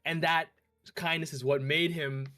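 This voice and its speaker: A man co-hosting a podcast in a loose, casual fan discussion, talking fast with lots of fillers. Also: on the high side, steady tone, sharp tone. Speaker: podcast co-host.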